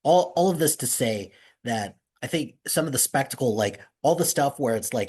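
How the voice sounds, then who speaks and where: Guy hosting a podcast over a call, kinda husky, rambly and laid back. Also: medium pitch, moderate pace. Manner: relaxed, rambling, many restarts. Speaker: podcast host. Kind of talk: casual chat. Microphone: remote call over internet.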